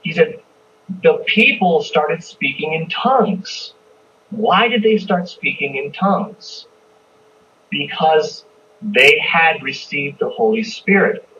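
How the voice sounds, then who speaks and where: A man leads a church Bible study, talking the passage through in a conversational way and often asking the room questions. His voice sits a little high for a man. The recording is distant and dull, with a faint hiss behind him. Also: slow pace, pushed and bright. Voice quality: conversational, repeats and restarts, asks the listeners questions. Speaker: pastor teaching a Bible study. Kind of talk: expository Bible teaching.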